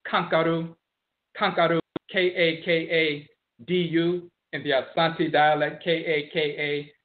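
A man giving a lecture on history and word origins, slowly explaining, repeating and spelling out terms. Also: a little high, little pitch movement. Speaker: teacher of ancestral religion. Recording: tinny phone-like audio.

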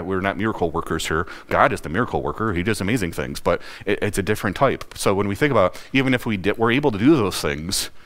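A man's voice: fairly low pitch, a bit bright. Man preaching a casual, folksy sermon. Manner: folksy, asks the congregation questions, acts out quoted voices. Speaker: pastor. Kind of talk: conversational sermon.

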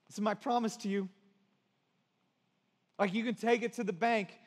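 A man with a notably high voice delivers a sermon as a pastor. He talks conversationally and rises to emphatic peaks. Long reverb from a large hall trails each phrase. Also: steady tone, moderate pace, long pauses.

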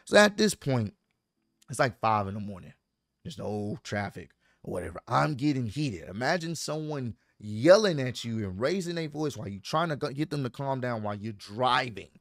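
A young man vlogging, telling a personal story in a casual, slangy, animated way and talking straight to his viewers. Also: medium pitch, moderate pace, no room sound, clean studio sound.

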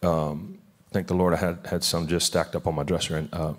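A pastor's deep, level voice, with a breathy edge and a moderate pace, fills the church sanctuary. He preaches in a heartfelt, informal way, often restarting his sentences, before closing in prayer.

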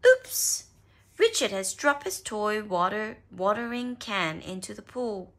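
A woman reading a children's picture book aloud, expressive, with small slips. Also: mid-range voice, unhurried. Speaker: storyteller.

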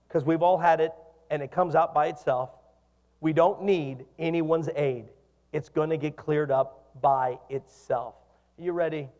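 A middle-aged man preaching a sermon as pastor, animated and putting questions to his congregation. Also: high voice. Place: church hall. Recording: reverberant hall.

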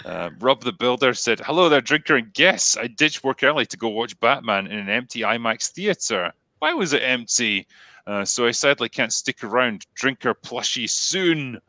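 A Scottish man hosts a relaxed podcast and reads viewer messages aloud. His voice has a bright, forward edge, and it sounds close and dry. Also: medium pitch, normal speed, no echo. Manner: laid-back, reads out viewer comments. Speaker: podcast host. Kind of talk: casual chat.

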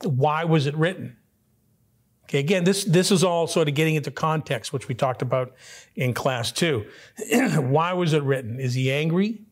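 A man teaching a casual Bible study class in a church, talking conversationally with frequent restarts and throat clearing. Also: fairly high pitch, moderate pace.

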